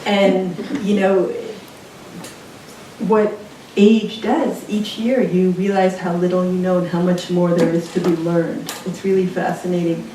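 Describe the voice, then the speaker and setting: Woman author, low and mellow, reflective storyteller; distant mic, very roomy. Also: little pitch movement, unhurried. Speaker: author at a book event. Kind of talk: live onstage conversation. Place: bookstore event space with audience. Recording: very echoey room, mic far off, faint noise.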